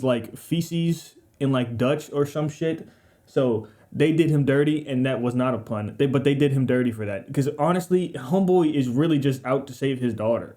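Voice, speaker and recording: A man's voice: mid-range voice, dark tone. A man giving a casual, rambling game ranking commentary, profane, slangy and sarcastic. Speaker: gaming video creator.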